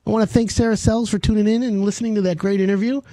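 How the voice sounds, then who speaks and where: A man's voice: high-pitched, fairly even intonation, racing, dark tone, dry recording. A man hosting a home improvement radio show, brash and joking.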